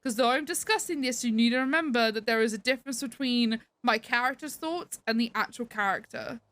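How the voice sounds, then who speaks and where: A woman livestreamer talks casually to her viewers in a bright, forward voice that sits a little high. She is emphatic, swears freely and laughs often. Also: a little fast. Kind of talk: casual chat to stream viewers.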